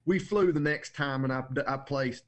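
A man's voice: medium pitch, normal speed. A man co-hosting a podcast in casual chat, telling jokey, laid-back stories. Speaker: podcast co-host.

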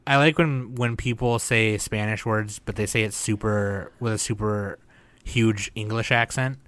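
Bright-voiced young man chatting casually. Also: fairly low pitch, steady tone, measured pace. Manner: laughs a lot, loose and profane. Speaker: podcast host. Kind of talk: casual chat.

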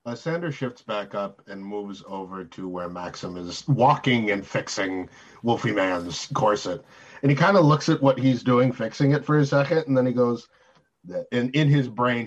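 A man narrating his character's actions as a player in a tabletop role-playing game, in a slow, low-key way. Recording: dull lo-fi sound.

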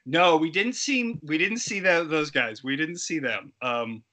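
A middle-aged man telling stories as an interview guest, animated and acting out quoted voices. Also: on the high side, unhurried. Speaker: interview guest, creature suit performer. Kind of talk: casual storytelling interview.

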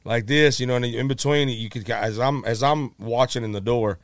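Animated storytelling man. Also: mid-range voice, normal speed, no room sound. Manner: animated, acts out quotes, stammers and restarts. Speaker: musician telling a story. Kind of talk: casual storytelling.

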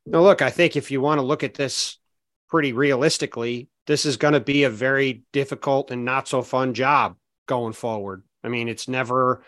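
A man's voice: medium pitch, steady tone, a bit bright, no echo. Dry-voiced man talking basketball. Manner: analytical, measured, many restarts with "I mean" and "look". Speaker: sports podcast co-host. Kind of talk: casual basketball chat.

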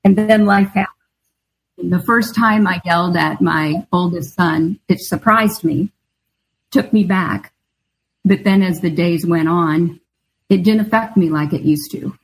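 A woman's voice: fairly low pitch, unhurried, slightly rough, low-quality recording. A middle-aged woman, an author and guest, telling a personal story in an earnest, confessional way. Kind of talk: storytelling interview answer.

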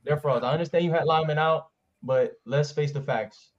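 A man's voice: on the high side, fairly quick. A man on a football debate panel, talking in a blunt, insistent way. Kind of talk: heated sports debate. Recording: dull lo-fi mic with faint noise.

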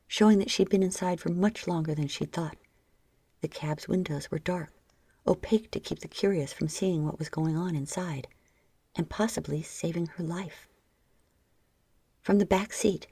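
A woman reading an erotic story aloud as audiobook narration, often sinking into a soft whisper. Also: fairly low pitch, slightly rough, no room sound. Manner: soft, frequently dropping into whispers.

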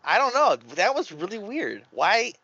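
A man chatting casually about a movie, animated and quick to swear and react. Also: high voice, vocal fry. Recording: dry, slightly muffled lo-fi audio.

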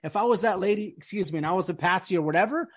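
A high-pitched man talks very fast while hosting a casual conspiracy podcast. Rambling and emphatic, he keeps dropping "dude" and "man" into his chat.

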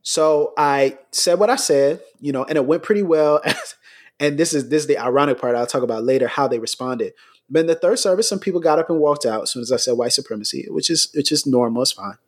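A middle-aged American man, a pastor, telling stories in a relaxed podcast conversation, laughing between points. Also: on the high side, a little fast.

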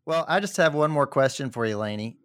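A man hosting a podcast interview, asking measured, easygoing questions and reading the outro. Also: fairly high pitch, expressive, a bit bright, smooth, no echo, studio quality. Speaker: podcast host.

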